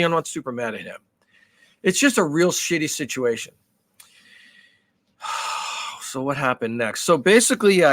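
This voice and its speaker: Podcast co-host, man, profane rambling storyteller, slightly high voice, dry close sound. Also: dry recording. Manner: animated, profane, rambling with restarts. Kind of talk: casual storytelling.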